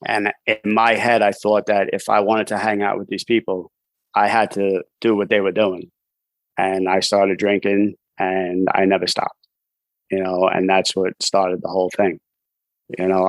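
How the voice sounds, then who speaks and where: A low-pitched man with a New York accent tells his story in a flat, even tone. He rambles casually and leans on "you know" fillers. The sound is dry and close, with no room echo. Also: normal speed. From Brooklyn, New York. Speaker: podcast guest, author in recovery.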